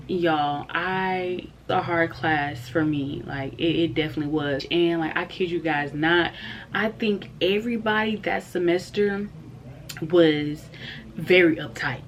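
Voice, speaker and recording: A young woman talks straight to her viewers in a casual storytime vlog, candid and heartfelt, with lots of fillers as she goes. Her voice sits a little low. A faint hum runs behind her. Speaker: vlogger.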